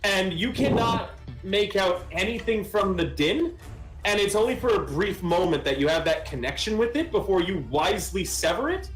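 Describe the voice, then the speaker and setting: A man's voice: sits high, animated, normal speed, reverberant, faint music behind, low-quality recording. A man running a tabletop game as game master, narrating in a casual, rambling way.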